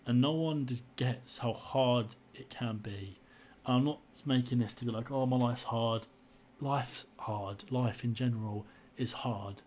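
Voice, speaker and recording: Speaking to camera, a young adult vlogger recounts his own story, sounding frustrated and indignant and often repeating himself. His voice is medium-pitched and a little mellow, his pace unhurried, with a slight hiss or hum in the recording.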